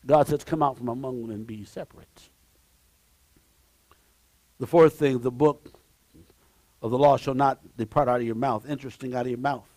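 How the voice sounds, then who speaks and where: A man preaching a sermon as pastor, emphatic and swinging between shouts and low asides, repeating key phrases and exclaiming praise. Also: steady tone, moderate pace, long pauses, no echo. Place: church sanctuary.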